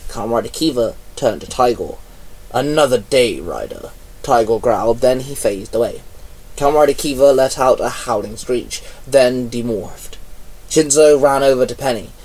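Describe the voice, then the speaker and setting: A man reading his own action story aloud at an unhurried pace, now and then pausing on a stumble. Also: mid-range voice, a little mellow. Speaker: fan fiction reader. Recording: voice a bit far from mic.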